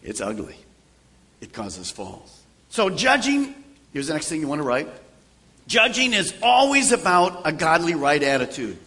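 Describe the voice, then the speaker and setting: Older male pastor, high bright voice, very expressive; acts out dialogue in his sermon, loud then hushed. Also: unhurried. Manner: animated preacher acting out conversations, shifting from loud to hushed.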